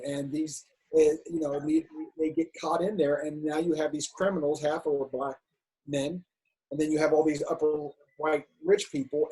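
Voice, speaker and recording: Husky middle-aged man, frank storyteller. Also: a little high, a little mellow, poor audio. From United States, Cincinnati. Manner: frank, talks through restarts and stammers. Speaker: filmmaker and actor, guest. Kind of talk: candid interview storytelling.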